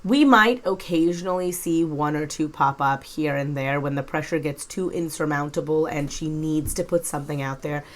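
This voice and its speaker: A woman's voice: deep voice, fairly even intonation, normal speed, few pauses. A woman giving reaction commentary in a blunt, frank way, swearing casually as she talks. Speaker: commentary YouTuber.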